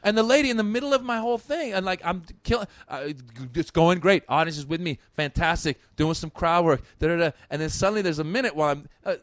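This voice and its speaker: A man from Iran talking loosely on a comedy podcast, spinning a stand-up story with quick restarts and acted-out exchanges. His voice sits a touch high for a man, and the recording is close and dry, with no room sound. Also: no echo. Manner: animated storyteller acting out crowd exchanges, frequent restarts. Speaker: comedian guest. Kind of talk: casual podcast chat, storytelling.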